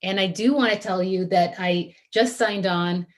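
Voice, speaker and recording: A woman's voice: mid-range voice, moderate pace. A woman author speaking at an online event, effusive and grateful, with many fillers and restarts. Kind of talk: casual event talk.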